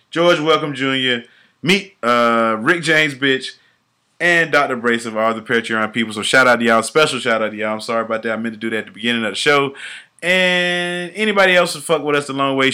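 A man's voice: medium pitch, pushed and bright, smooth. A married man co-hosting a podcast, bantering loosely with plenty of laughter and profanity, his words often trailing off into mumbles. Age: adult, married. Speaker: podcast co-host. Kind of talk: casual podcast chat.

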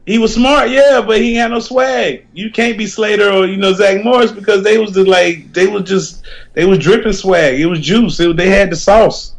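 A man co-hosting a podcast, telling animated, rambling stories full of slang and restarts. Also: high-pitched, normal speed. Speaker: podcast co-host. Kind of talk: casual chat, storytelling.

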